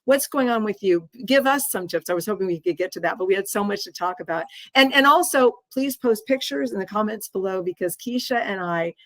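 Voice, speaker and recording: A woman's voice: mid-range voice, a little fast, few pauses, no room sound. A woman in her sixties hosting an interview, speaking earnestly with frequent restarts. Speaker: host. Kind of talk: interview conversation.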